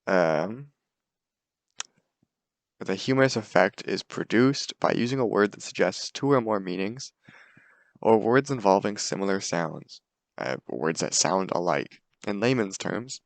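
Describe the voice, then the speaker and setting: A man's voice: on the low side, creaky, dry recording. A young man giving a casual, hesitant class presentation full of fillers. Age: young adult. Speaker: student presenter.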